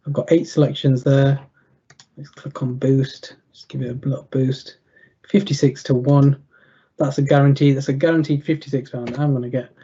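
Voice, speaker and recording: A young man giving betting tips over a video call, thinking aloud in a halting way with many fillers and restarts. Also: medium pitch, mellow, slightly rough, lo-fi sound. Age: young adult. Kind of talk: thinking aloud while clicking through a screen.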